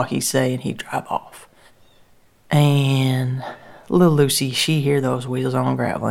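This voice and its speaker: In a gravelly bass voice, a woman delivers a dramatic first-person monologue, telling a folksy, rambling story and often dropping into whispers.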